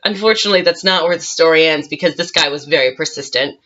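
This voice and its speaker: A woman's voice: low-pitched, fast talker, fairly bright tone. A woman cosplayer telling a convention story in a casual storytime vlog, chatty, with frequent laughs and fillers, on a dull, lo-fi recording. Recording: dull lo-fi sound.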